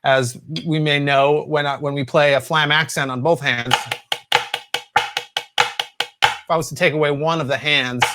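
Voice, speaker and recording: Relaxed higher-voiced male drum teacher. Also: measured pace, pauses often, loud music behind the voice. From US West Coast. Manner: relaxed, filler-heavy, counts and sings drum patterns. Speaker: drum instructor. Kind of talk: instructional talk.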